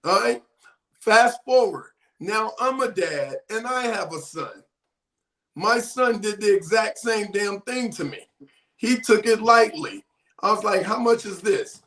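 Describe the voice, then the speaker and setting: Man, high pitched, blunt, emphatic, swears casually. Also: lively intonation, unhurried, sharp tone, echoey room. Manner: emphatic, blunt, profane storytelling. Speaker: panel guest. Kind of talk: casual panel chat.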